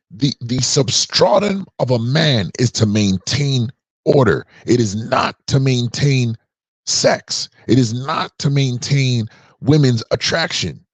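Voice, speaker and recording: Husky, preachy man around forty. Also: mid-range voice, no echo. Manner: emphatic and preachy, drawing out key words. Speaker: podcast commentator. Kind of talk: opinionated monologue.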